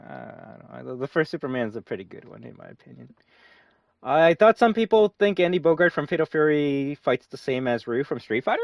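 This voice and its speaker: A young man live-streaming a fighting game, chatting casually with viewers, excitable and swearing often. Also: on the high side, fairly quick, vocal fry, no echo, distant mic. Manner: excitable, swears often, reads chat aloud. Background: game music.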